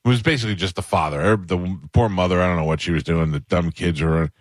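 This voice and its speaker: A man hosting a talk radio show, telling a funny story and mimicking loud people in a raised voice. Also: quick pace, no echo. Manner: animated, acts out other people's shouting in a higher voice.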